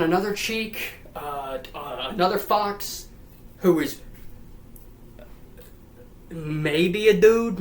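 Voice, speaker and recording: A woman's voice: on the low side, rough recording. A woman rambling through a profane, comedic retelling of a story. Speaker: lore storyteller.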